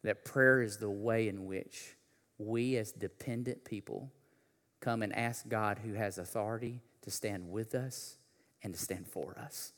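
Male pastor, bright tone, casual slangy preaching that builds to shouting; long hall reverb. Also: fairly low pitch, unhurried. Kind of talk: sermon.

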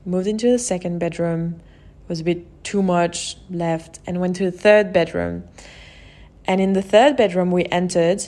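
Woman host, solo podcast, slightly low voice, candid confessional storytelling full of "like" fillers. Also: steady tone, normal speed, dark tone. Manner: open and emotional, heavy use of "like" and "you know".

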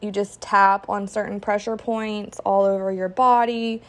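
Slow-speaking frank woman podcaster. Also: mid-range voice, steady tone. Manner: frank, peppered with "like", acts out quoted parent talk. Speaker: podcast host. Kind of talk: candid casual podcast monologue.

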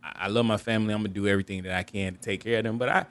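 A young man with a low-pitched voice tells a personal story on his podcast in a candid, reflective way. He often repeats and restarts his words. He jumps up in pitch to act out his relatives. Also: steady tone, very fast, fairly bright tone, dry recording. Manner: candid, reflective, acts out quoted family members with raised pitch. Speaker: podcast host.

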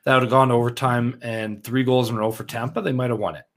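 A young man co-hosting a casual sports podcast, telling excited stories with lots of "like" and some swearing. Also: medium pitch, fast talker. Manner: excitable, swears, animated storytelling. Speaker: podcast co-host.

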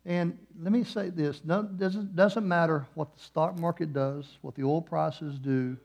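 A man preaching a sermon in a church, moving between hushed, slow passages and loud, passionate peaks. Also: fairly high pitch, steady tone, creaky. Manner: impassioned, swings from hushed to loud. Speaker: guest preacher.

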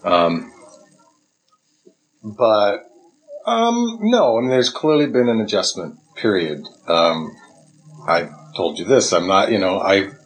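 A man with a fairly low voice co-hosts a casual podcast. He talks in loose, hesitant stretches full of ums and restarts. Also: sing-song, slow, pauses often, rough recording. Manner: rambling, hums tunes, hesitant with ums. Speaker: podcast co-host. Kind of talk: casual chat.

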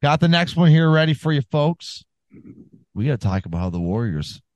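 A man's voice: fairly high pitch, very animated, fairly quick, darkish tone, dry recording. A man co-hosting a sports podcast in casual chat, tired, self-mocking and swearing freely. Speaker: podcast co-host.

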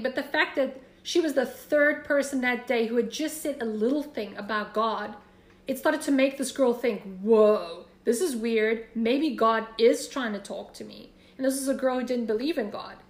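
Woman, high voice, church class teacher, direct and encouraging, echoey room.

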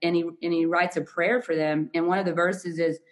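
Warm, low-voiced woman podcast host. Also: fairly even intonation, fairly quick. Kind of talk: casual podcast chat.

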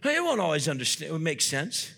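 A man preaching a sermon as pastor, with fervent emphatic delivery that swings from loud outbursts to quieter asides and acts out little scenes. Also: fairly high pitch, wildly swooping pitch, quick pace, creaky. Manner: fervent preaching with repetitions and rising emphatic shouts.

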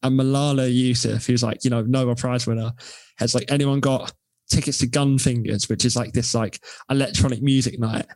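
A man, chatting casually as a university student co-host, relaxed and rambling with dry humor. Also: mid-range voice, fairly quick, no echo. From England. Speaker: podcast co-host. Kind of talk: casual chat.

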